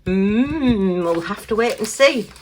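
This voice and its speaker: A woman talking casually through an unboxing. She is chatty and quick to exclaim and giggle, and she talks to herself as she works. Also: medium pitch, expressive, noisy background. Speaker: craft vlogger.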